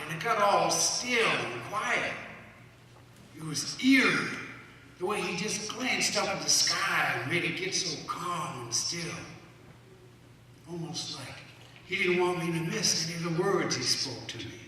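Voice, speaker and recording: An actor with a Texan accent playing a blunt, loyal shrimper in a live stage monologue. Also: male voice, high voice, lively intonation, measured pace, sharp tone, a little hiss or hum, full character voice. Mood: hushed. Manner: folksy drawl, plainspoken. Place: café stage. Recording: echoey hall, mic far off.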